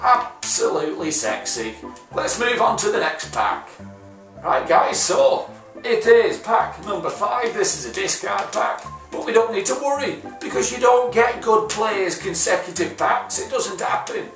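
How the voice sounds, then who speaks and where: A young man commentating a game pack opening, excitable and sweary, yelling and groaning at each result. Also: sits high, measured pace, distant mic. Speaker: gaming YouTuber. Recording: roomy echo, voice a bit off-mic, faint music.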